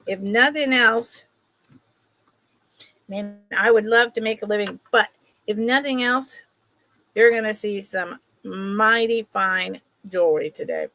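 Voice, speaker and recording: A woman hosts a relaxed live-stream sale. She talks slowly, with a gravelly, creaky edge to her voice. She greets viewers warmly by name as she handles each piece. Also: medium pitch, no room sound. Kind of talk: casual live-stream sales chat.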